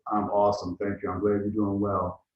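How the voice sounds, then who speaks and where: Polite halting male agent trainee. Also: fairly low pitch, level tone, reverberant, far from the mic, dull audio, faint music behind. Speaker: real estate agent trainee. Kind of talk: practicing a sales call.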